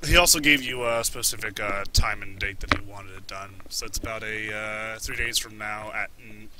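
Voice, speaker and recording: A man's voice: fairly low pitch, fairly even intonation, normal speed, crowd noise. A man acting as game master in a casual tabletop game, joking and laughing often.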